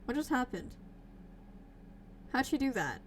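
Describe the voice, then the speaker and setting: A woman's voice: high-pitched, sing-song, measured pace, a little hiss or hum. A young woman streaming a game live, chatting and rambling with a giggly, casual manner. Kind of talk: live gameplay commentary.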